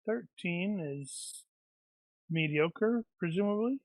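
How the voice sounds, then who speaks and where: A man with a fairly high voice, joking and teasing his way through a tabletop game session. His voice sounds dry and close, with no room around it. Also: animated, slow, no echo. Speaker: player. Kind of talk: casual tabletop game chat.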